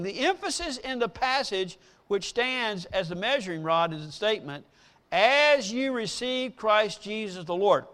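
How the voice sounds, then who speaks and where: A man preaching as pastor, teaching his class through their notes with emphatic call-and-response questions and slow readings of scripture. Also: high voice, a bit bright. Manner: emphatic call-and-response, slowing to read verses aloud. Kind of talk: sermon with fill-in notes.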